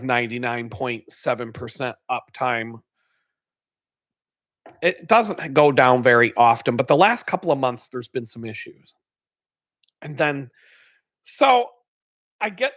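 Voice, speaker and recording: A man's voice: medium pitch, animated, a little slow, pauses often, fairly bright tone, no echo, studio quality. A man hosting a live stream, chatting casually and telling a story full of swearing, acting out his own angry outbursts. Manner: swears heavily. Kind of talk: casual chat.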